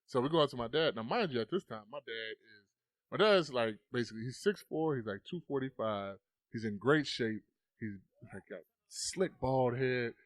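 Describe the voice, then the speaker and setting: A man's voice: medium pitch, lively intonation, normal speed, dry recording. A man, a podcast guest, telling a story casually into a close mic. He swears often and acts out the voices.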